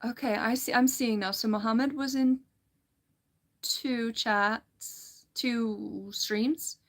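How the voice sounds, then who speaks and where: A woman with a somewhat high voice hosts a casual livestream. She reads viewer comments aloud in a giggly, chatty way and often trips and restarts mid-sentence. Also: steady tone, slow. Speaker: livestream host.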